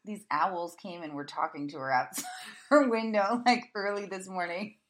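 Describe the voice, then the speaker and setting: Bright-sounding woman cohost, chatty, keeps egging her friend on. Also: mid-range voice, moderate pace, slight background noise. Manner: encouraging, prompts the guest to tell stories. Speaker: podcast co-host. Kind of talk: casual chat.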